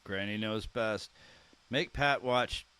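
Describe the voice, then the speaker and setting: A man's voice: fairly low pitch, takes it slowly, sharp tone, clean tone. A man hosting a casual live stream, chatting and reacting aloud to messages from his viewers, sometimes repeating unfamiliar words as he tries them out. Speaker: streamer reading live chat.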